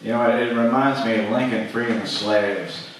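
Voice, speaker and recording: A man doing an open-mic stand-up set in a comedy club, halting often with uhs and restarts. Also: mid-range voice, fairly even intonation, distant mic, a little hiss or hum. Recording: echoey club miked from afar.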